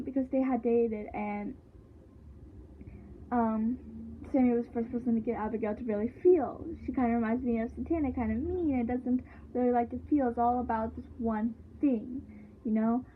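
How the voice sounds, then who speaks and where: A woman's voice: a little high, a little hiss or hum. A woman chatting casually as she recaps a show, rambling with lots of fillers and restarts. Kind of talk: casual chat. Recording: tinny phone-like sound.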